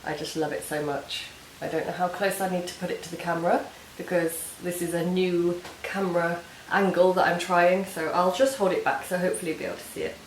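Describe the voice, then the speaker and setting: A woman talks in a relaxed, gushing way, full of ums and little restarts. Her voice sits slightly low. The camera mic picks up a roomy home room with faint hiss underneath. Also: a little fast, few pauses. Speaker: knitting podcast host. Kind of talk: casual video podcast chat.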